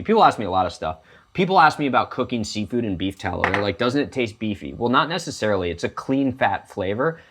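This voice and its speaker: A man's voice: lowish voice, big pitch swings, fast talker, a bit bright, slight background noise. A middle-aged man hosting a casual cooking demonstration, chatty and explaining each step with joking tangents. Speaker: chef and cooking show host.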